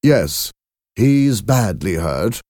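A man voicing a nervous, formal company messenger in a storybook reading, speaking slowly and stiffly. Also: fairly low pitch, big pitch swings, warm tone, no echo, studio quality, pitched above the performer's own voice, full character voice. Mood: somber.

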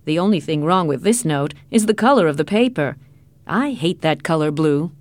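A woman voicing a fussy, quick-tempered old man who blusters and repeats himself. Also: deep voice, lively intonation, a little mellow, no echo. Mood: reassuring.

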